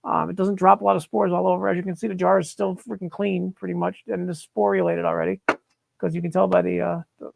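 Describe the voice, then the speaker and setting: A man's voice: high voice, little pitch movement, fast talker, vocal fry. A man hosting a live mushroom-growing stream, talking casually while demonstrating and answering questions, blunt and exasperated, swearing freely.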